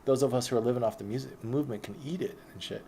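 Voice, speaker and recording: A man's voice: medium pitch, rapid-fire, vocal fry, warm tone, a little hiss or hum. A man telling a rambling, profane, streetwise story from his own life in casual speech.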